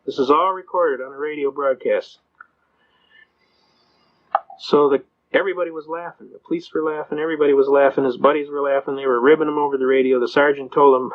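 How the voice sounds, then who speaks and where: Guy rattling off a courtroom story at speed, kinda high voice, muffled lo-fi audio. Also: steady tone. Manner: fast-talking, says he talks fast. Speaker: speaker teaching legal rights. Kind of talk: storytelling lecture. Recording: dull lo-fi recording.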